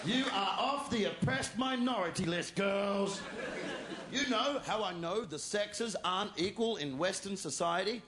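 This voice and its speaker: High-pitched brash ranting stand-up man. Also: a little slow. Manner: brash, crude, provocative ranting, often shouting. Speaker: stand-up comedian. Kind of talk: live stand-up routine. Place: stage before a live audience. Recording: roomy live venue with room noise.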